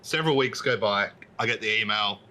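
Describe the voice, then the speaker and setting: A man who is a podcast guest, telling a story in an animated, casual way with many restarts. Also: lowish voice, fairly quick, slight background noise, poor audio.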